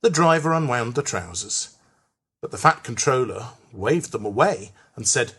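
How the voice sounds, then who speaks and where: A narrator reading a children's train story aloud in an expressive storytelling manner. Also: mid-range voice, husky. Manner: slow, lively storytelling.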